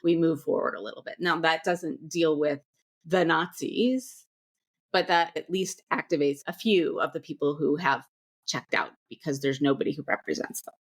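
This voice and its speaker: Deep, gravelly-voiced woman host. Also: moderate pace. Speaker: podcast host. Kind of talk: podcast interview conversation.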